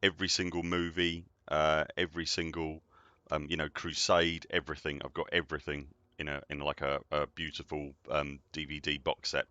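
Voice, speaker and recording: A man's voice: extremely low pitch, little pitch movement, normal speed, hardly any pauses, bright, forceful tone, no room sound. A man, streaming a game and chatting casually with viewers, rambling and greeting people by name. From United Kingdom. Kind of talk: casual live-stream chatter while gaming. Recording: dull, dry lo-fi sound.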